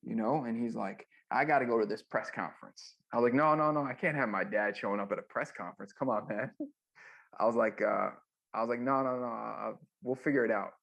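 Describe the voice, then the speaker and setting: A man's voice: lowish voice, fairly quick, creaky, a bit bright. A man, a former music manager, telling rambling stories with many fillers in a casual interview.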